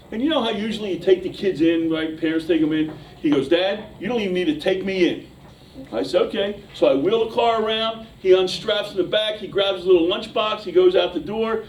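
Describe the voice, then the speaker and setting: A man delivers a motivational talk as a lively story, and his voice sits a little high. He sounds far from the mic, with a faint hum underneath. The large room around him rings with echo. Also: brisk. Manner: animated storyteller who builds to shouting. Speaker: motivational speaker. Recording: echoey room from a distance.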